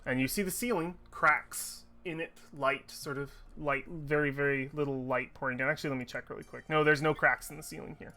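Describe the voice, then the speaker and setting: A man narrating as game master of a tabletop game, describing scenes in a measured way with occasional searching pauses. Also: on the high side, steady tone, bright, forceful tone, soft background music.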